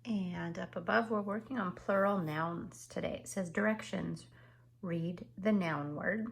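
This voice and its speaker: A woman teaching kindergarten remotely from home, speaking slowly and patiently in simple words for young children. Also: on the low side, creaky, roomy sound. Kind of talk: remote class lesson.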